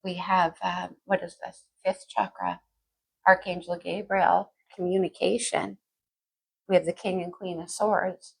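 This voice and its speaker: A woman's voice: lowish voice, flat delivery, unhurried, creaky, slightly rough, poor audio. A woman reading tarot cards for her viewers in a chatty, think-aloud way. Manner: chatty, thinks aloud, sings lyrics softly. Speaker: tarot reader.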